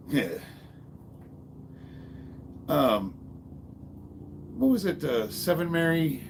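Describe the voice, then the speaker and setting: A man in his fifties, a former Marine, telling a long personal story in a casual, halting way, swearing freely and stopping to restart his sentences. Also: mid-range voice, lively intonation, noisy background. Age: 50s. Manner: halting, profane, full of fillers and restarts. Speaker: fitness vlogger and former Marine.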